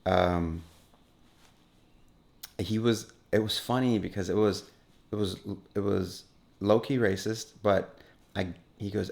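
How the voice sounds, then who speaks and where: Deep gravelly man, rambling casually. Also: slow pace, pauses often. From Wyoming. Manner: relaxed, rambling, many restarts and fillers. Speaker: actor, podcast guest. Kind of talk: casual interview conversation.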